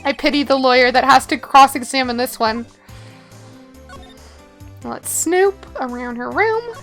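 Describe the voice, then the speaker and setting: Woman streamer reading dialogue, high and bright, chatty, faint music behind. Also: unhurried. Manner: chatty asides with laughs. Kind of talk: reading a game aloud on a live stream.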